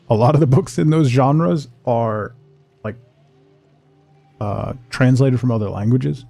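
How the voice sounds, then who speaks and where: A man chatting casually with his viewers while playing a game on a livestream, relaxed and rambling. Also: medium pitch, creaky. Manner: relaxed, rambling, talks to chat. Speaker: streamer.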